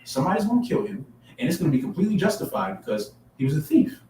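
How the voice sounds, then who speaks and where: A man's voice: fairly high pitch, very animated, rapid-fire. Emphatic preacher man in an echoey room. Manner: emphatic, rising to forceful peaks, repeats phrases. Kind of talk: street-style sermon to a camera audience. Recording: echoey room, mic at a distance, faint background hum.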